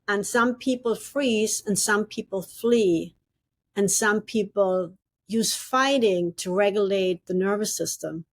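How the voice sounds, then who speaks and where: A woman co-hosting a podcast, speaking thoughtfully and in a measured way, with frequent pauses. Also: medium pitch. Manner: thoughtful, measured, with many ums. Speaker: podcast co-host. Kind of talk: reflective podcast conversation.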